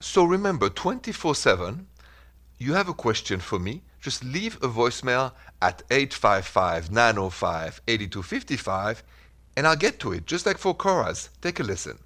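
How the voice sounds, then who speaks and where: Very animated and pushed-bright, this mid-range male voice with a French accent moves at normal speed. He hosts a call-in radio show giving relationship advice, earnest and reassuring, using short coaching phrases.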